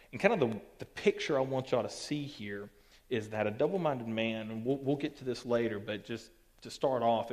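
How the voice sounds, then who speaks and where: A man teaching a youth group Bible lesson in a casual, teasing way. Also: mid-range voice. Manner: casual, teasing and joking with listeners. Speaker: youth pastor. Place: church hall. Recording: long reverb of a church hall.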